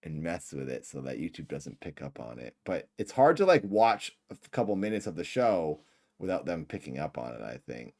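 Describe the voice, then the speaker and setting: A man's voice: extremely low pitch, fairly quick, vocal fry. A man in his thirties hosting a casual livestream, reacting to an old video and laughing at himself. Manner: animated, laughs often at himself. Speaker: livestream host.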